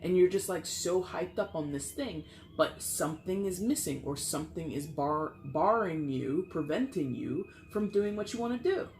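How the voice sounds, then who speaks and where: A tarot reader talks through a spread in a loose, casual way, swearing and slipping into acted-out bits. The voice sits in a middle pitch. It is recorded in a roomy space with a faint hum of background noise. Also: expressive, moderate pace, hardly any pauses, darkish tone. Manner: chatty, profane, acts out quotes.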